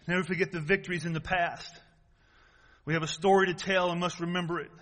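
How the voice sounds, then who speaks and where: A man's voice: a little high, fairly bright tone. A man preaching a sermon, emphatic and repetitive, calling out to his congregation. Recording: reverberant hall.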